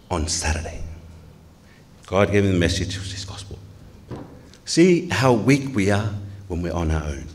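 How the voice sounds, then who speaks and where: A man's voice: low voice, slight background noise. A male pastor from Tonga preaching a sermon in a church, earnest, putting questions to the congregation.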